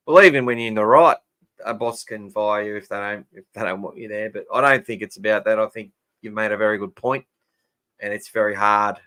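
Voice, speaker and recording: A man's voice: lowish voice, steady tone, brisk, sharp tone, clean tone. An Australian man hosting a casual fan podcast, chatting and answering listener comments. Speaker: podcast host.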